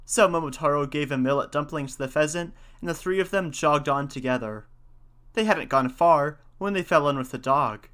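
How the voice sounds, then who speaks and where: Male podcast host; bright, lively storyteller with a conversational aside. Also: on the high side, moderate pace. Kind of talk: storytelling and casual commentary.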